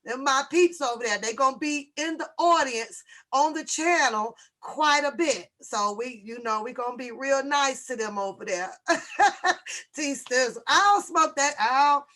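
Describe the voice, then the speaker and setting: A woman's voice: high voice, measured pace, pushed and bright. A woman hosting a casual livestream over a video call, brash and profane, often laughing and talking straight to her viewers. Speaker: livestream host.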